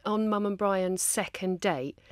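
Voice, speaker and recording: A woman's voice: mid-range voice, unhurried, no echo, studio quality. A woman, a podcast guest chatting and teasingly recalling family moments. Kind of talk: casual chat.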